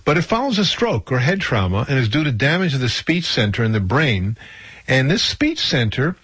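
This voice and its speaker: Man, talk radio host, casual and halting, husky voice, dry close sound. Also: mid-range voice, sing-song, fairly bright tone, no echo. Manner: conversational, with frequent fillers and restarts.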